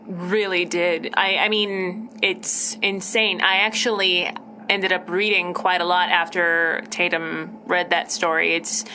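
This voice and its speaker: Woman, lowish bright voice, effusive, quick podcast host chat. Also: flat delivery, slight background noise, poor audio. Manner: effusive, quick, gushing thanks. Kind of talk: casual chat.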